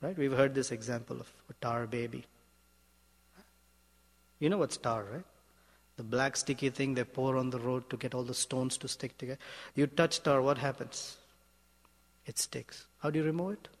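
A male spiritual teacher giving a sermon in a measured, emphatic way, often asking rhetorical questions. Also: medium pitch. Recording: long hall reverb.

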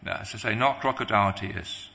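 A man preaching a devotional sermon, halting, with many restarts and pauses. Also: on the low side, gravelly, bright, forceful tone, long reverb tail.

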